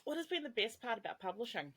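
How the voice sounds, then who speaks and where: Woman, podcast co-host, casual chat, lively pitch, bright tone, joking, dramatic. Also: fast, husky.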